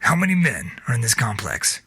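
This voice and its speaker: A firm squad commander gives orders in a calm, steady voice, read by a man. The tone is bright with a husky edge. It is recorded dry and close. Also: medium pitch, a little fast, no echo, exaggerated voice.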